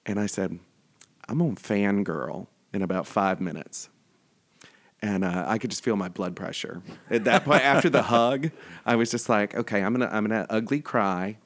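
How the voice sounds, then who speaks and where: Host guy with a lowish voice, gushing through a story, lots of ums. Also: moderate pace. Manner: chatty, filler-heavy, excitable storytelling. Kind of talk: casual chat.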